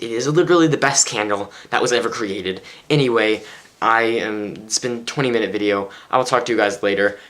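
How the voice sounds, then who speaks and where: Teen boy vlogger, tired, chatty and rambling, low-ish pitch with a sharp, bright tone. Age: teens. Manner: rambling, chatty, self-mocking. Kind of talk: casual daily vlog chat. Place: his bedroom at home.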